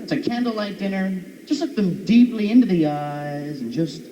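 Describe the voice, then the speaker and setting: A man doing a stand-up comedy set on stage, animated and jumping into high silly voices for his bits. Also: moderate pace. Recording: dull old recording from far off, noisy.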